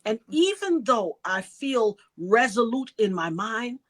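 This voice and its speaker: A middle-aged New York woman, a guest in an interview, tells an emotional personal story and acts out the voices of the people in it. Her voice sits fairly high and is very animated, though she speaks slowly.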